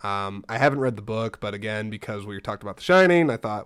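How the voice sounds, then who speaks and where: A man's voice: lowish voice, a little fast, clean tone. A man hosting his own solo podcast, talking in a loose, rambling, self-deprecating way with frequent restarts. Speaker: podcast host.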